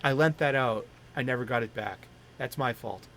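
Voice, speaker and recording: A man's voice: mid-range voice, normal speed, a bit bright, a little hiss or hum. A middle-aged man hosting a comics talk stream, chatting in a rambling, enthusiastic way that often stops to correct itself. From Boston area. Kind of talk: casual rambling chat.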